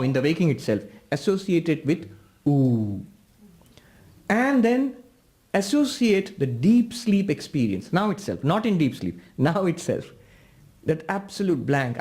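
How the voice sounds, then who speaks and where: Monk lecturer, male, slightly high voice, mellow tone, patient instructor leading a meditation. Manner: patient, instructive, guiding listeners through a meditation exercise; draws out chanted syllables slowly. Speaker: monk and spiritual teacher. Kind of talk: spiritual lecture.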